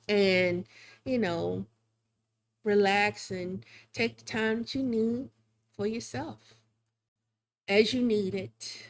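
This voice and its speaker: A woman's voice: fairly high pitch, slow, long pauses. A woman streaming live while drawing, chatting casually in a rambling, chatty way with frequent laughs. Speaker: live-streaming digital artist.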